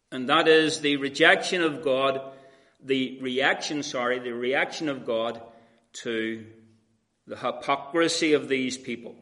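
A man preaching an expository sermon, addressing his listeners as friends, with frequent pauses and fillers. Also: fairly high pitch, a bit bright.

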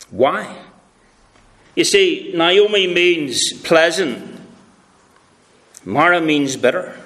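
A man's voice: drawn-out words, long pauses, fairly bright tone. A man preaching a sermon, teaching a Bible passage in a conversational, meandering way with many fillers. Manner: conversational, with many fillers, drifts in pitch for emphasis.

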